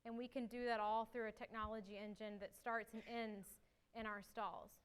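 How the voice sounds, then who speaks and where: A young woman giving an energetic conference talk and answering questions, a little out of breath. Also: a little high, moderate pace, smooth. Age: young adult. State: slightly out of breath. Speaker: marketing executive speaker.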